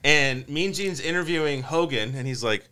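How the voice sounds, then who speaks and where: A man hosting a casual podcast, telling a story in an animated way, laughing and acting out quotes. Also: on the high side, normal speed, smooth. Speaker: podcast host.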